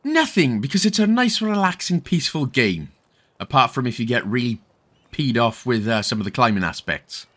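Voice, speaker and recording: A man's voice: medium pitch, sing-song, moderate pace, a bit bright. A young Welsh man giving casual, jokey, rambling commentary over a game walkthrough. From Wales. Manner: rambling, jokey, self-correcting.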